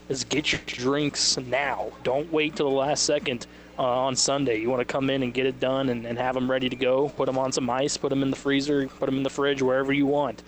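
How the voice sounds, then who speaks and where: Animated sports radio host. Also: male voice, medium pitch, a little hiss or hum. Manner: animated, quick asides, mimics others' voices. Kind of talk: casual sports radio banter. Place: radio setup broadcasting live from a liquor store.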